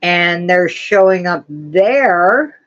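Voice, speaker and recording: A woman's voice: lowish voice, animated, extremely slow, muffled recording. A woman hosting a casual livestream, chatting and answering her viewers' comments one by one. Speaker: livestream host. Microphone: streaming setup with laptop.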